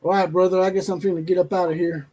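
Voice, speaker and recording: A man with a drawl runs a casual college football stream. His voice sits noticeably high, and he keeps up a steady stream of jokes and playful jabs at rival fans. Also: fast, poor audio. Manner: joking, teasing, trash-talking. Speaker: show host. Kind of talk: casual sports talk stream.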